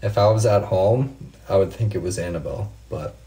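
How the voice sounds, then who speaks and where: On a late-night live stream, a man with a deep, low, warm voice chats with his viewers at normal speed. He swears freely, drifts through laid-back stories, and answers comments by name as he goes.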